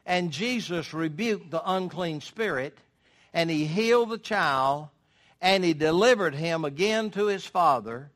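A man's voice: on the high side, expressive, unhurried, a bit bright. A man preaching a sermon, reading scripture aloud and explaining it verse by verse with emphatic, rhetorical questions.

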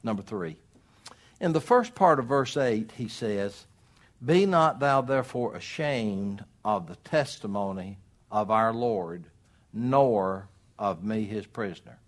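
A middle-aged pastor preaches a sermon, swinging between loud, emphatic rises and quiet drops. He has a lowish, expressive voice and takes it slowly.

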